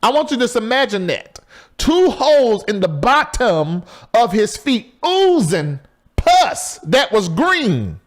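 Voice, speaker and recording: A middle-aged man from the Southern US hosts a live call-in talk show in a loose, chatty way. He is very animated yet slow, swinging between loud exclamations and low asides.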